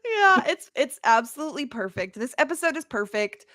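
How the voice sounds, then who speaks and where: A woman hosting a casual podcast chat, giggly and animated as she tells the story. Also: high-pitched, a little fast, no room sound, clean studio sound. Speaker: podcast host.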